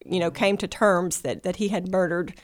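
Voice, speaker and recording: A woman's voice: fairly low pitch, moderate pace. A woman who writes for a magazine, a guest on a radio talk show, explaining things earnestly. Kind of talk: radio interview.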